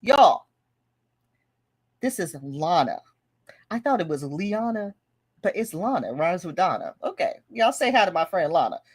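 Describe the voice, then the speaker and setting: A woman's voice: fairly low pitch, sing-song, unhurried, pauses often. A woman hosting a casual budgeting livestream, chatting, laughing and reading viewer comments aloud. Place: home livestream.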